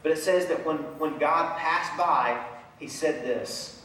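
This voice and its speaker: A man with a fairly high voice preaches a lively sermon, dropping into dramatic voices as he retells Bible scenes. He is heard from a distance in a very echoey church hall, with a faint hum of room ambience behind him. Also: slow. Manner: animated preaching, acts out voices of Bible figures. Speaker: pastor. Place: large church sanctuary.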